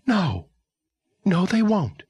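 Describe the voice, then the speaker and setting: Scared young woman, a man putting her on in a high falsetto, urgent and breathless, husky tone. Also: sing-song, drawn-out words, a little mellow, no echo, full character voice. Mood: frightened. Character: frightened young woman, quick and protective.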